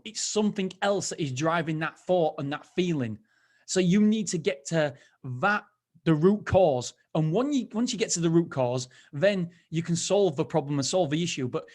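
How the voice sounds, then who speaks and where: Chatty man, fairly high voice. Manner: chatty, rambling, self-interrupting storyteller. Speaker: podcast host. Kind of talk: motivational solo podcast talk.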